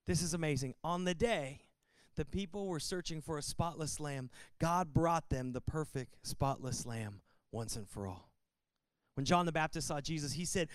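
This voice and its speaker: A man's voice: high-pitched, moderate pace, clean tone, no room sound. A man preaching a sermon as pastor, building emphasis with repetition and calls to open the Bible.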